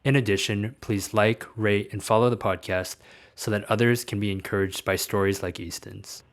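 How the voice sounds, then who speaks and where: A man's voice: on the low side, fairly even intonation, moderate pace. A man in his twenties hosting a podcast interview, asking friendly, easygoing questions. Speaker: podcast host.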